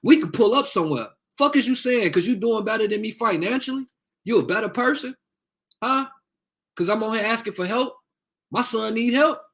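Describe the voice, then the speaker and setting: A man's voice: high-pitched, lively intonation, normal speed, a bit bright. A man speaking into his phone on a live video, confrontational and profane, repeating himself as he appeals to viewers. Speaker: livestreamer asking viewers for help. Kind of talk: heated live video rant.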